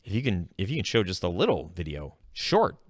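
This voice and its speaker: A man hosting his own podcast, telling stories in a casual, animated way and jumping up in pitch when he quotes himself. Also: a little fast, no room sound, clean studio sound. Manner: animated storytelling, jumps high when quoting himself. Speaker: podcast host. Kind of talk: casual solo podcast monologue.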